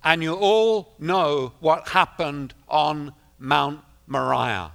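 A man preaching a sermon in an emphatic way, swinging from loud declarations to hushed asides, winded at times. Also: fairly high pitch, animated, takes it slowly, creaky. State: out of breath.

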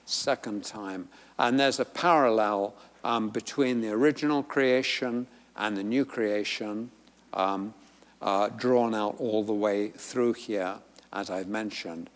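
A man's voice: mid-range voice, measured pace. A man teaching a Bible study in a church, talking conversationally and rising into emphatic bursts. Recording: long hall reverb.

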